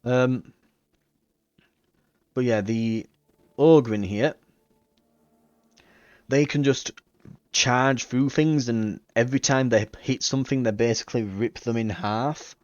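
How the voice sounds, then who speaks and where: Game host from England, casual joking commentary, mid-pitched, muffled dry recording. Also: male voice, slow, pauses often, darkish tone, no room sound. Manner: chatty, joking asides. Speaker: let's play host.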